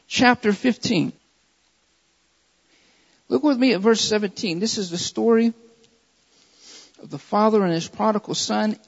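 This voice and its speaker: A very high-pitched man delivering a sermon, pressing each point with repeated emphatic phrases. His voice rings out with a long reverb through a church sanctuary. The audio is dull and muffled. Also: vocal fry. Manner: emphatic, repetitive preaching cadence. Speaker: preacher.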